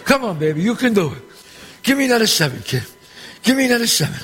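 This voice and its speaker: An actor playing a middle-aged gangster boss who runs a dice game. He is loud and bossy, and he swears and throws insults around freely. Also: sits high, big pitch swings, fast, slightly rough, exaggerated voice. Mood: boisterous. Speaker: mob boss at a craps game. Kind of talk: film dialogue. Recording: echoey hall sound with faint ambience.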